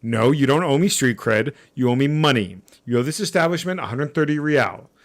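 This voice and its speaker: A man's voice: medium pitch, lively intonation, a little fast, close to an everyday voice. A man voicing an irritable middle-aged male hostel manager in a game, snapping in exasperation. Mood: irritated.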